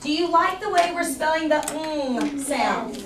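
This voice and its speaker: A woman teaching a third grade spelling lesson, asking the class question after question and slowing down to explain each rule. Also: high voice. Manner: patient, questioning, slows down to explain. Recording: roomy, distant, noisy classroom recording.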